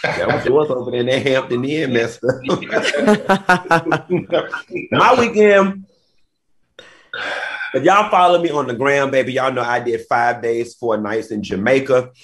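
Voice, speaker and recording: A man's voice: medium pitch, normal speed, a bit bright. A man co-hosting a casual talk show, telling weekend stories in a flamboyant, playful way. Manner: flamboyant, playful, dramatic storytelling. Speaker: co-host. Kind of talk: casual chat.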